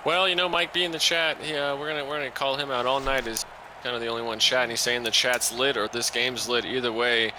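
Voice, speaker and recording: A man's voice: medium pitch, fairly even intonation, fast talker, noisy background. Casual, rambling male color commentator. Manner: casual, rambling, many fillers and restarts. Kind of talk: live esports football commentary.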